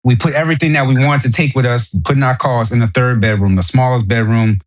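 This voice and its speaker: A man's voice: medium pitch, quick pace. A man with a New Orleans accent, a guest on a podcast, chatting casually and telling stories in an easygoing way. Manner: easygoing storyteller, animated when telling stories. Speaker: podcast guest, Navy sailor.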